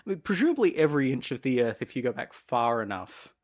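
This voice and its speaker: A man co-hosting a casual podcast, quick and self-deprecating, often laughing between jokes. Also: medium pitch, sing-song, darkish tone. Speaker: podcast co-host. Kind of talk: casual chat.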